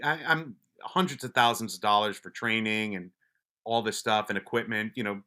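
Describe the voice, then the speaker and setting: A man with a bright, forward voice tells stories in a casual, offhand way. He is blunt and swears freely, often breaking off and restarting sentences mid-thought. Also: medium pitch. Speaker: podcast guest, police officer and wellness advocate. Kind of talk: casual storytelling.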